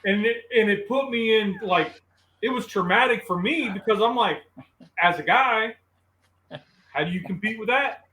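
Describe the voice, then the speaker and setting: A middle-aged man with a high, bright voice tells a story on a podcast, lively and laughing as he goes. He is recorded in an echoey room. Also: moderate pace, long pauses, slight background noise. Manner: animated, laughing while telling a funny story. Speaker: guest. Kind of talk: casual storytelling chat.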